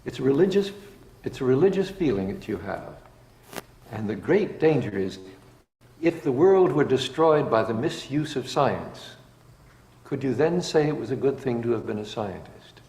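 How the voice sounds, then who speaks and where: A man's voice: medium pitch, big pitch swings, normal speed, warm tone. A man speaking in a blunt, impassioned, plainspoken way in a recorded talk. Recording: echoey hall with faint noise.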